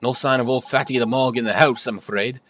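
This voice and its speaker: A man voicing a cheeky, rough-talking little fairy, reading game dialogue aloud with a brash, slangy manner. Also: on the low side, expressive, moderate pace, slight background noise, close to an everyday voice.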